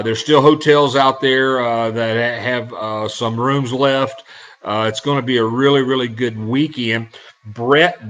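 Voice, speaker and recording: A man's voice: medium pitch, a bit bright. A middle-aged man with a Southern accent, hosting a casual live-stream talk show and rambling with many fillers and restarts. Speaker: show host.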